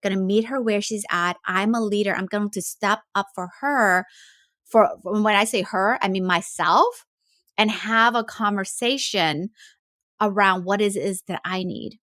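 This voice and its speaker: A woman's voice: medium pitch, unhurried, fairly bright tone, no room sound, clean studio sound. A woman life coach speaking in a casual, reflective way, with frequent fillers and restarts as she thinks aloud. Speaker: life coach, podcast host.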